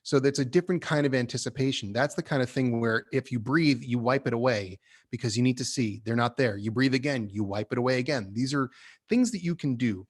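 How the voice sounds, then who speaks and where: Male podcast host, mid-pitched, opinionated script critic, chatty and laughing. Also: brisk, husky. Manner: animated, opinionated, laughs often. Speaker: podcast host reviewing a screenplay. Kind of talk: casual critique chat.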